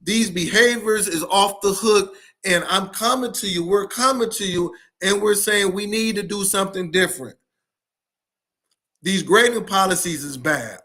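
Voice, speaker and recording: A man speaks with passion and insistence, hammering his points home by repeating them. His voice sits high for a man and rings bright and forceful. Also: normal speed. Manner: emphatic, repeats key points. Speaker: education speaker. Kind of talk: passionate solo talk to camera.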